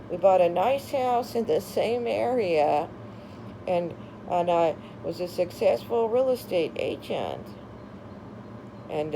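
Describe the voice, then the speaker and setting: A woman's voice: fairly low pitch, mellow, a little hiss or hum, low-quality recording. A middle-aged woman, a former realtor, telling her own story in a rambling, aggrieved monologue full of fillers and restarts. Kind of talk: personal monologue.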